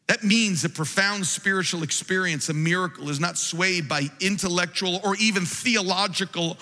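A man preaching a sermon to his church, emphatic and rising to shouts. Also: high voice, in a large hall. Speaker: pastor. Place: church sanctuary.

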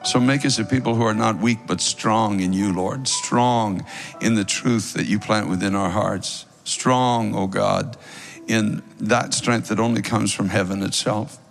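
A man's voice: on the low side, fairly even intonation, unhurried, vocal fry, soft background music. A man leading an earnest altar prayer at the close of a sermon, in a pleading preacher's cadence. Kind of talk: sermon prayer over music.

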